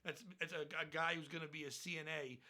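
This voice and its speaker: Fast, bright-voiced blunt comedian man. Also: a little high, fairly even intonation. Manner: blunt, profane, emphatic. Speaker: stand-up comedian guest. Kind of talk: casual podcast interview.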